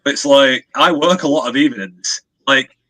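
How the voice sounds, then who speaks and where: A man's voice: mid-range voice, normal speed, sharp tone. A man chatting on a video call as a guest on a live stream, eager and rambling. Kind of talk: casual chat on a video call.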